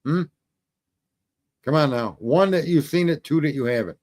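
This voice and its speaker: A man's voice: on the high side, lively intonation, moderate pace, darkish tone. A man hosting a call-in livestream, telling stories in a rambling, profane, casual way and laughing at his own jokes. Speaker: call-in show host.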